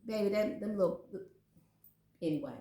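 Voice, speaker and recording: A woman hosting a casual faith talk, encouraging listeners and telling lively anecdotes. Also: medium pitch, normal speed. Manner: warm encouraging, animated when telling anecdotes. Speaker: host. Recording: echoey room.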